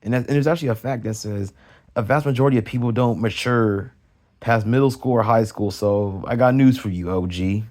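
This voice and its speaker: Fast-ranting young man, dark voice. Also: medium pitch. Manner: agitated, profane, rapid-fire venting with restarts. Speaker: vlogger. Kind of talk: late-night rant.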